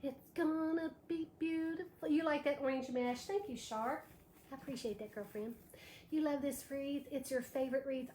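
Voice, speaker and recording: In an echoey space with slight background noise, a live craft host walks through making a wreath, gushing and chatting as she welcomes viewers by name. Her voice sits high and has a darkish quality.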